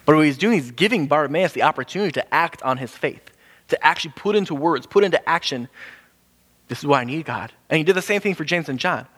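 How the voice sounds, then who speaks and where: Male preacher, animated storyteller who bursts high for quoted voices, hall echo. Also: fast talker, husky. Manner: animated, acts out quoted voices with sudden pitch jumps. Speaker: pastor. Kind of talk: sermon. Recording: hall with long reverb.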